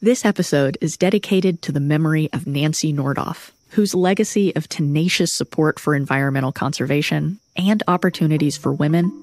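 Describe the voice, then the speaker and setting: A woman narrating a short scripted radio piece in a measured, even way. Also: low-pitched, no echo, clean studio sound.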